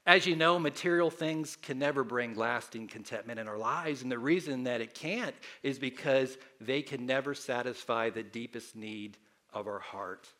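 A man in his fifties preaching a sermon as pastor, animated and leading the congregation in call-and-response. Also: medium pitch, moderate pace.

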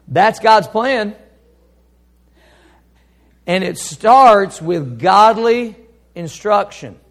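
A man preaching a sermon as pastor, emphatic, swinging up and down for effect and reading scripture slowly. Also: sits high.

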